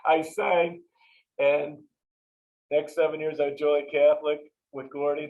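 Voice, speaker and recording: In phone-quality audio, a man with a fairly high voice, a football coach of many years, tells interview stories. He gets animated and performs the quoted exchanges.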